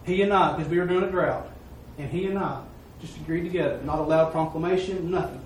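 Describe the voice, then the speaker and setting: A preacher man tells his mission story in a folksy, repetitive style, building to emphatic peaks. His somewhat high voice carries from a distance in a heavily echoing hall, over a faint hiss. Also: steady tone, fast talker, few pauses. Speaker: preacher giving a mission report. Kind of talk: sermon storytelling. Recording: echoey hall, far-off mic, faint noise.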